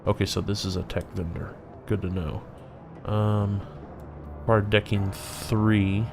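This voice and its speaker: A man's voice: on the low side, fairly even intonation, slow, gravelly, noisy background. A man hosting a gameplay video, chatting casually and thinking aloud as he plays. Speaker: let's play host. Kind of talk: gameplay commentary. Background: faint music.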